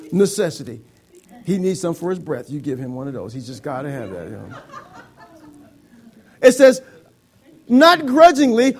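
Gravelly high-voiced preacher. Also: male voice, very animated, moderate pace, pauses often, a little mellow. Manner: playful, acts out voices of reluctant givers. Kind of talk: sermon with a live object lesson.

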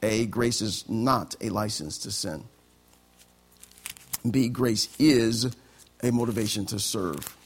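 A man preaching a sermon as pastor, animated and acting out conversations. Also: on the low side, slow pace, pauses often, slightly rough.

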